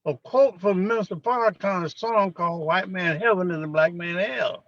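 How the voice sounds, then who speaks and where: An older man being interviewed, recounting personal memories in an unhurried storytelling way and acting out what people said. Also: sits high, fairly bright tone, no room sound, lo-fi sound. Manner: unhurried storyteller who acts out quotes. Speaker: interviewee, former minister.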